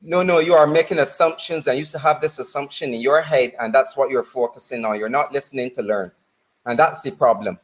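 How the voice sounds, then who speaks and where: A man's voice: medium pitch, steady tone, a little fast. A man lecturing firmly in a live-stream debate, cutting in with repeated refusals. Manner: firm, lecturing, cuts in with repeated no.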